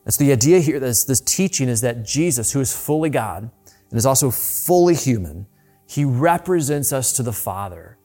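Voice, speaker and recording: A male preacher delivering a sermon in a mid-range voice. He reads scripture with lifted, dramatic quoted lines, then slows down and drops almost to a hush on the words he wants to land. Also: medium pitch, lively intonation, faint music behind. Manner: slow, emphatic pauses with dropped voice on key words.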